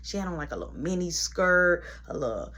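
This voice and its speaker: A man telling a casual storytime story, animated and conversational, with frequent asides. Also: high voice, fairly quick.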